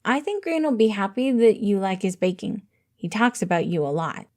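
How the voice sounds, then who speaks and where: A woman's voice: medium pitch, very animated, moderate pace, a little mellow, lightly acted. A woman voicing a cheerful, earnest little orphan boy with an eager, innocent way of talking.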